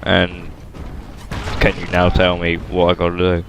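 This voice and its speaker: A low, gravelly man recounts a story in a flat, matter-of-fact voice with little rise and fall. A steady noisy hum runs under his voice throughout the recording. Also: measured pace. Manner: flat, matter-of-fact retelling with plain slang. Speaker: vlogger. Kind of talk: casual storytelling to camera.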